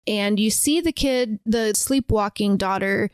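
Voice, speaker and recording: A woman's voice: medium pitch, a little slow, smooth, no echo, clean studio sound. A woman co-hosting a podcast, recapping a film in casual chat and acting out lines from scenes. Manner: animated storytelling, acts out quotes. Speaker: podcast co-host.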